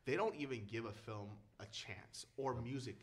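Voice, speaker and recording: A man who is a guest filmmaker in a casual podcast chat, talking in a fast, rambling, emphatic way with lots of fillers. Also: mid-range voice.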